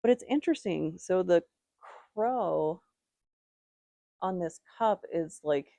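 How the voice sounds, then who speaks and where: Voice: mid-range voice, expressive, slow, vocal fry, warm tone, no room sound. A tarot reader giving a casual, rambling reading, with strong opinions and lots of "like" fillers.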